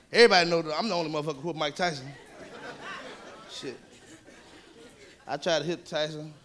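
A man doing stand-up comedy on a club stage, loud and profane, teasing people in the audience. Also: on the high side.

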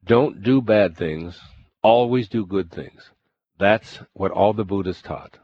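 A man voicing a calm, wise old monk in a read-aloud parable, answering plainly with a wry tone. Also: deep voice, moderate pace, breathy edge, dry recording, highs cut off.

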